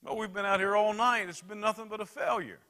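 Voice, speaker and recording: Brief: exasperated, exhausted fisherman, pitched way up and loud, as a preacher plays him, bright tense edge. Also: fairly even intonation, brisk. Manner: high, loud, pleading. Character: exasperated tired male fisherman disciple. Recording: reverberant church hall.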